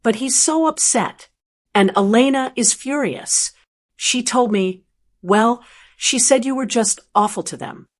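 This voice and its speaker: A woman's voice: on the high side, a little slow. A woman narrator voicing an anxious adult daughter who pleads with her mother to keep the peace, her tone tight and desperate. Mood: pleading.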